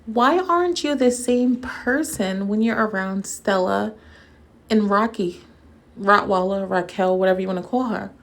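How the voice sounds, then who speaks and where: A woman's voice: mid-range voice, a little slow. A woman hosting a casual commentary video, talking straight to her audience as friends, with a sarcastic, mocking edge and frequent laughter. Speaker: commentary YouTuber.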